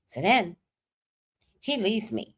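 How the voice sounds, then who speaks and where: An animated woman telling a candid personal story on her livestream. Her pitch leaps and dips freely. Her mid-height voice jumps from loud, emphatic bursts to near-whispered asides, with plenty of swearing. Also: slow, breathy edge. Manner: animated, swinging between loud emphasis and hushed asides, profane. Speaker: livestream host.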